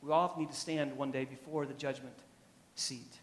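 A man preaching a sermon as pastor, emphatic, swinging from quiet asides to loud, pressing points. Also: medium pitch, level tone, normal speed, long reverb tail.

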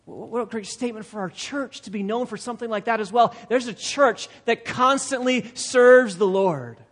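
A male pastor with a very high-pitched voice delivers an expository sermon at a normal pace, repeating phrases emphatically for stress. It was recorded in a church sanctuary, where a large hall's long reverb trails his words.

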